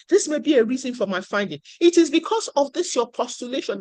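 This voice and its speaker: A woman's voice: a little high, no echo. A woman leading an online class on research writing, emphatic and encouraging, calling on students by name. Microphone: video call.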